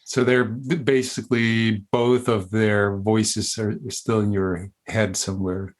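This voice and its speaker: A man's voice: lowish voice, slow pace. Chatty man hosting a podcast. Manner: rambling, full of restarts, animated when imitating his father. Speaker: podcast host. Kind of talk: casual conversational interview.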